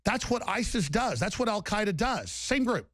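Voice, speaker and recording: A man's voice: high-pitched, very animated, normal speed, a bit bright, no room sound, clean studio sound. A man delivering an angry political rant, heated and emphatic, with mocking asides. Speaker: political commentator.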